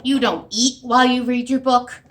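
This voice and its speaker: A woman speaking as a children's librarian in a library room, giving an animated, sing-song storytime for first graders. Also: fairly high pitch, normal speed.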